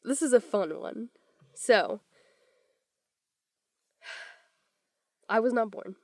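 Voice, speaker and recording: Young woman, podcast co-host, animated casual storyteller who quotes people in character, close dry mic. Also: fairly high pitch, extremely slow, no room sound.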